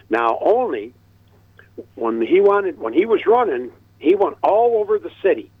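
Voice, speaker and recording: A man's voice: on the high side, narrow, tinny audio. A man calling in to a talk radio show, complaining and hesitating with fillers as he speaks. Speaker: caller. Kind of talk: call-in radio chat. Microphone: telephone line.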